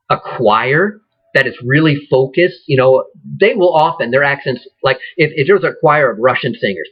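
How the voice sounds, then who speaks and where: A man teaching an acting class in a casual, conversational way, thinking aloud and often restarting sentences. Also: on the high side. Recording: dull lo-fi recording.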